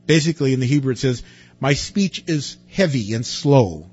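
A man preaching a sermon in a conversational way, asking rhetorical questions and swinging from loud to quiet. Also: mid-range voice, expressive, moderate pace, slightly rough. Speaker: pastor. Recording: dull lo-fi recording with faint music.

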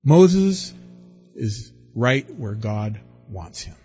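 Animated husky male preacher. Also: drawn-out words, lo-fi sound, faint music behind. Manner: animated preaching, acting out quoted voices with big pitch swings. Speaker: pastor. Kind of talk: sermon.

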